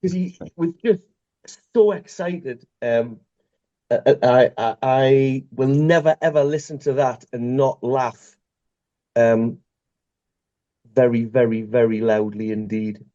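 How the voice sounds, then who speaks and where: A man chatting on a podcast, halting and quick to laugh. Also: medium pitch, dark tone, highs cut off. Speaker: podcast co-host. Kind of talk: casual chat.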